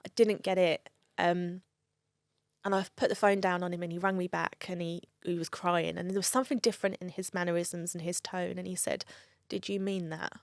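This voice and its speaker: A woman's voice: fairly low pitch, little pitch movement, fairly quick, creaky, no room sound, studio quality. A woman telling a personal story in an interview, candid and emotional and swearing freely. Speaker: guest.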